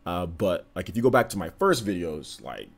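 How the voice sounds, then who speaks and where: A young man hosting a livestream, talking calmly and flatly to his chat, with lots of fillers and repeated phrases. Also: fairly quick, creaky. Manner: calm, monotone, low-energy delivery. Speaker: livestream host.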